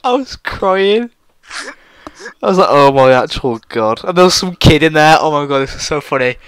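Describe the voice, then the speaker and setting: A man's voice: fairly high pitch, normal speed, clear, resonant tone, no echo. A young man co-hosting a casual podcast, telling stories animatedly and laughing often. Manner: giggly, animated storytelling. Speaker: podcast co-host. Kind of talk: casual chat while gaming. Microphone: desk mic.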